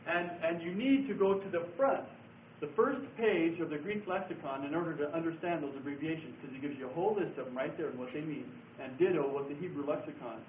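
A man's voice: a little high, fast. Patient man lecturing in an echoey room. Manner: patient, explanatory, repeats key words. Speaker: Bible study teacher. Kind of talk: classroom lecture with board writing. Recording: echoey room from far off, phone-like lo-fi sound, faint hiss.

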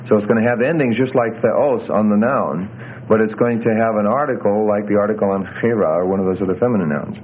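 Low-voiced man teaching in a classroom. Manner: halting, lots of uh and self-corrections. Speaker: Greek teacher. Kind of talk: classroom lecture. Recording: tinny lo-fi classroom recording.

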